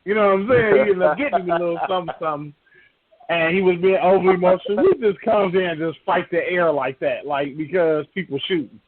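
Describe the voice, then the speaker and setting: A man's voice: high voice, fast talker. A man hosting a sports talk podcast, rambling and emphatic, with many fillers and restarts. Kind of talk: casual sports banter. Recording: tinny phone-like podcast audio.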